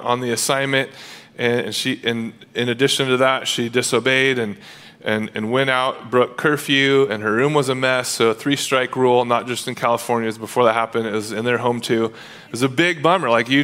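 A man's voice: mid-range voice, bright, forceful tone, clear, resonant tone. A man preaching a sermon as pastor, earnest and conversational, acting out quoted dialogue along the way. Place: church sanctuary.

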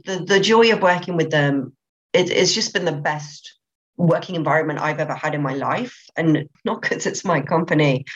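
Casual: low-pitched woman on a podcast, eager, keeps restarting her words, kinda dull lo-fi sound. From England. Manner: enthusiastic, many restarts and repeated words. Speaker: podcast guest, business owner. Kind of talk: podcast interview. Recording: slightly dull lo-fi audio.

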